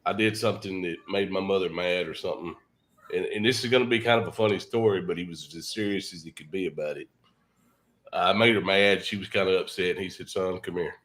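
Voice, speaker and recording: A man's voice: deep voice, fast, a bit bright. A man telling a family story in a casual talk show chat, in a folksy way, often repeating his words.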